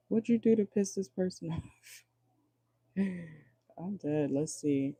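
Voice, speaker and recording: Mellow-voiced, chatty male tarot reader. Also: a little high, lively intonation, takes it slowly, long pauses, no room sound. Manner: chatty and joking, addresses viewers directly, swears freely. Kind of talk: casual livestream tarot reading.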